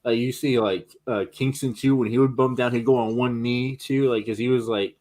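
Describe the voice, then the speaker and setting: A man's voice: mid-range voice, moderate pace. A man co-hosting a wrestling podcast, talking in casual, rambling chat with lots of fillers. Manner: excitable, rambling with many fillers. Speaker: podcast co-host.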